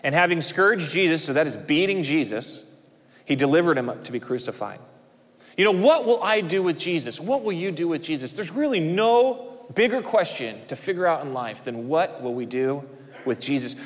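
A male pastor preaching a sermon, swinging his emphasis up and dropping low at the ends of phrases. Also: long reverb tail.

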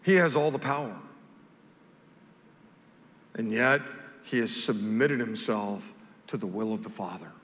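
A male pastor delivering a sermon at an unhurried pace, with a bright voice. He rises loud and emphatic when quoting scripture, then drops soft and slow as he reflects. The sound carries a long, roomy hall reverb. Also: lowish voice.

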